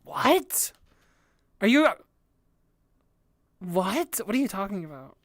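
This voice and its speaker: A woman's voice: medium pitch, sing-song, takes it slowly, dry recording, studio quality. A young woman streaming a music reaction, thinking aloud with hesitant restarts, laughing and swearing as she reads lyrics.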